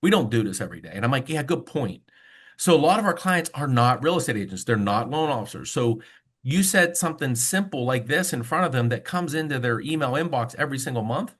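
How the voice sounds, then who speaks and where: A man presenting mortgage tools on a webinar, talking casually and telling stories as he goes. He speaks at a middle pitch, and the sound comes through a video call. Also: animated, a little fast, fairly bright tone. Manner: casual storytelling, conversational fillers. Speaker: mortgage loan officer.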